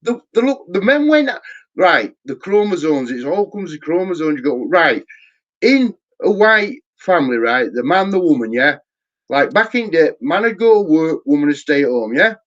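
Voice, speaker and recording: A man with a fairly high voice rambles through a live-stream chat, swearing often. His voice jumps high when he mimics others, and the recording sounds dull and lo-fi. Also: very animated, normal speed, fairly bright tone. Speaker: host.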